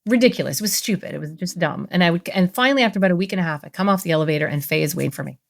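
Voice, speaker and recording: Animated woman therapist telling stories. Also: fairly low pitch, racing, creaky. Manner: animated, expressive storyteller. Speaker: therapist, podcast guest. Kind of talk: interview storytelling.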